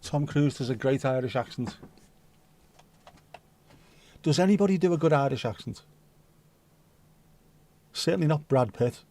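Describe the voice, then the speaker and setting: A man's voice: mid-range voice, expressive, measured pace, pauses often, dark tone. Chatty male livestream host. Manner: rambling, chatty, occasional swearing. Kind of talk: casual chat reading viewer comments.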